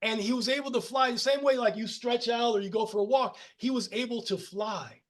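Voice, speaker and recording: High-voiced man telling rambling stories. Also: a little fast. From United States. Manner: animated, rambling with many restarts and laughs. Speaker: podcast guest. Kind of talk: casual storytelling conversation.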